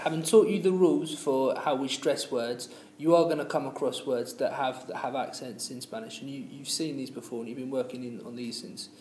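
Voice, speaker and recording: A man's voice: medium pitch, a little mellow. A man teacher explaining pronunciation rules patiently, with many fillers and restarts. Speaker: language teacher. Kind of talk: classroom lesson. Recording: echoey room with faint noise.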